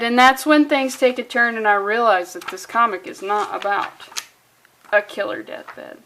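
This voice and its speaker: A woman's voice: a little high, moderate pace, a bit bright, a little hiss or hum. A woman reviewing a comic book in a sarcastic, exasperated way, swearing freely and using valley-girl phrasing.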